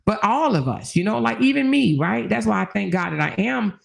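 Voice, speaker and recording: Older woman, gravelly, preachy, casual livestream chat, emphatic. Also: medium pitch, lively intonation, a little fast. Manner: preachy, emphatic, rising into exhortation; conversational, full of "you know". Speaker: channel host.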